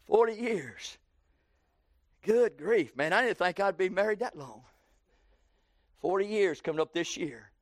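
A man in his sixties preaching a sermon, slowing down for emphasis and breaking into loud acted quotes. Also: sits high, animated, no room sound, clean studio sound.

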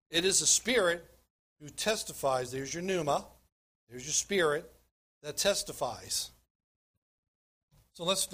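Bright, high-voiced male preacher. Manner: emphatic preaching, reading scripture aloud; clears throat often. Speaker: pastor. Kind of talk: sermon.

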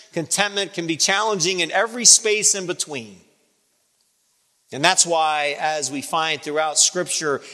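A man preaching a sermon, telling a story from his own life and acting out the other person's lines with big jumps in pitch. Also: pushed and bright. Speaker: pastor. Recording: long hall reverb.

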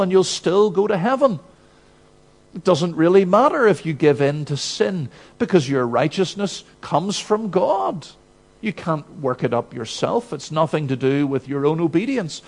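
A coaxing devil voiced by a preacher. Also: male voice, high-pitched, very animated, moderate pace, creaky, voice pushed up, heavily acted. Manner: mocking, wheedling persuasion. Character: tempting devil, smooth and coaxing. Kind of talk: sermon with acted quotes.

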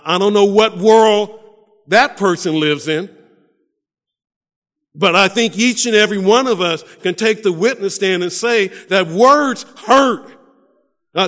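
A man with a high voice preaching slowly and deliberately, pressing each point with repeated phrases and doubled-up restarts. His voice rings out with a long hall reverb around it. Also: a bit bright. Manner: preaching with emphatic repetitions and stammered restarts. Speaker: pastor. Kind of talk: sermon.

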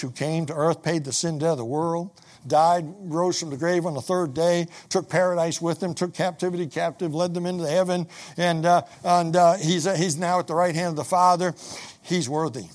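A middle-aged man preaching a sermon, reading scripture aloud and often repeating himself as he builds his points. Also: fairly high pitch.

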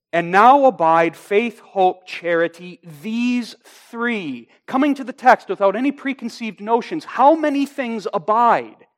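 A pastor preaching a sermon, deliberate and emphatic, slowing down to stress key phrases. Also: male voice, sits high.

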